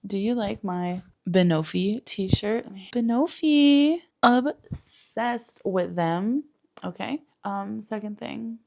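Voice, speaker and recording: A woman's voice: mid-range voice, takes it slowly, creaky, a little mellow. A woman in her thirties chatting casually through her day at home in a rambling vlog, swearing now and then and cooing at her dog. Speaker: vlogger. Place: home, indoors and in the yard.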